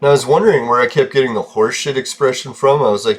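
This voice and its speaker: A man records casual commentary over a video game in a profane, easily irritated rant. His short temper shows in constant swearing and grumbling asides. His voice sits at an ordinary middle pitch. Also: fast talker, hardly any pauses, slightly rough. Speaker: gaming vlogger.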